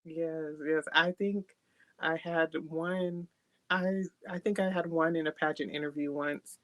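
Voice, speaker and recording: A woman from Texas with a softened Texan accent hosting a podcast interview, chatty and laughing often as she tells stories. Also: sits low, steady tone, measured pace. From Texas, USA. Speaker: podcast host. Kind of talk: casual interview chat.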